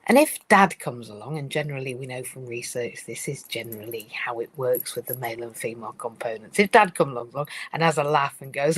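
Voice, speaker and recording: A woman's voice: rumbling low, lively intonation, brisk, hardly any pauses, breathy edge, poor audio. A woman giving a live-streamed talk about workplace change. She tells it as a story, talks to listeners directly with fillers and asides, and acts out other people's worried voices. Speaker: speaker on change in organisations.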